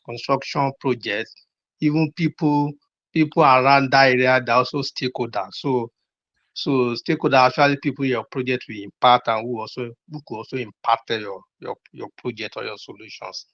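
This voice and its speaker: A man's voice: mid-range voice, steady tone, fairly quick, a bit bright, no room sound. A man student answering in an online class over a video call, repeating words as he thinks. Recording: dry, dull lo-fi call audio.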